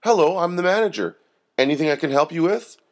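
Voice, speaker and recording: A man voicing a quick, accommodating café manager. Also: fairly high pitch, lively intonation, pitched above the performer's own voice, lightly acted. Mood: polite. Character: brisk, polite male café manager.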